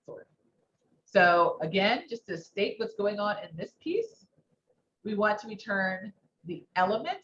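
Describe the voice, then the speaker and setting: Woman teaching code, lively voice. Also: mid-range voice. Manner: thinks aloud, asks rhetorical questions. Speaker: workshop instructor. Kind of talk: live coding lesson. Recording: dull muffled sound, faint background noise.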